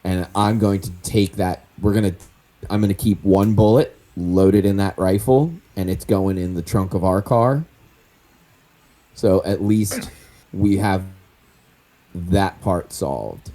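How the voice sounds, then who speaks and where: A man's voice: low-pitched, takes it slowly, warm tone. A man playing a tabletop role-playing game, decisive and laying out his plans step by step. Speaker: player.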